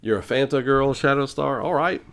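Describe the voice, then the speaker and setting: A man's voice: mid-range voice, moderate pace, creaky, fairly bright tone. A man casually chatting on a live stream, reading viewers' comments and answering them by name. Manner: chatty, reads chat aloud and answers viewers.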